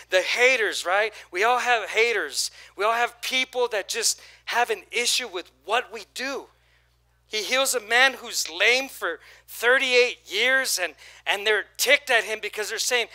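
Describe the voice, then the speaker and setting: A male pastor preaching in a church with a high-pitched, very bright and forceful voice. He tells the story in a casual, slangy way, stressing each point and drawing answers from the congregation. The delivery stays emphatic and lively throughout. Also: unhurried. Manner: lively, emphatic preaching with crowd call-and-response. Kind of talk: sermon.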